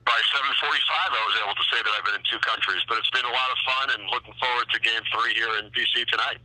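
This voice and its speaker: A man's voice: medium pitch, rapid-fire, pushed and bright, no room sound. A man, a hockey play-by-play announcer, calling into a radio show by phone, chatty and friendly, short on sleep. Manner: friendly, chatty, with many fillers and restarts. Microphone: telephone line. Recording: phone-line call on radio.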